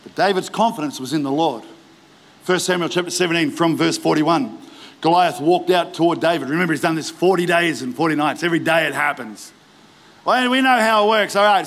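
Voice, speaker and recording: A male pastor preaching a sermon in a large church, acting out the story's characters and rising to shouted exhortation. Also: a little high, brisk. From Australia.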